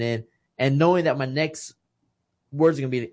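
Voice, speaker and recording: Speaking at a moderate pace with a medium-pitched voice, this thirtysomething former boxer guests on a relaxed podcast. He recounts something from his own life emotionally, voicing the quoted lines of the people involved.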